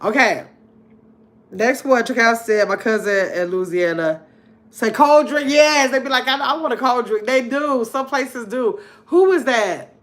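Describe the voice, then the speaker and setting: A woman's voice: on the high side, expressive, measured pace. A middle-aged woman hosting a casual livestream game night, reading viewer comments aloud and chatting with a laugh. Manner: chatty, laughs often, talks straight to viewers. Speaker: livestream host.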